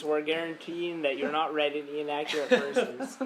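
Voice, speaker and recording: A man's voice: fairly high pitch, animated, crowd noise, poor audio. A man joking and teasing the others during a podcast chat. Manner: quick teasing quips. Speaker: podcast guest. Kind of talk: joking banter. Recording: others chattering behind.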